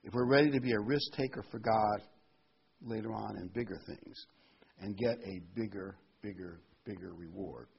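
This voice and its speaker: A man's voice: fairly low pitch, normal speed, gravelly, slight background noise. A man preaching a conversational sermon, reading scripture and adding casual asides. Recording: dull lo-fi recording.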